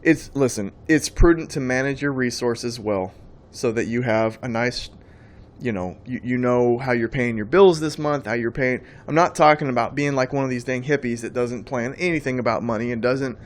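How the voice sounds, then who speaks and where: A man preaches in a plain, mid-pitched voice. He talks emphatically and loosely, circling back and repeating phrases as he builds his point. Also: normal speed. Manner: emphatic, rambling, repeats words. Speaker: Christian speaker. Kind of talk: preaching monologue.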